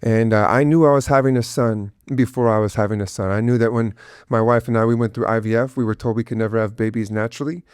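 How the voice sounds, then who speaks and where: A man's voice: medium pitch, steady tone, quick pace, a little mellow, clear, resonant tone, no room sound, studio quality. A middle-aged man, a guest father, talking earnestly and emotionally about his son, with many restarts and fillers. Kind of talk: emotional personal interview.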